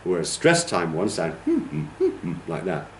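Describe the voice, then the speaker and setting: A man's voice: fairly low pitch, lively intonation, normal speed, echoey room, slight background noise. A male teacher trainer giving a classroom lecture, explaining patiently and checking in with "okay?". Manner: demonstrates rhythms by humming and counting.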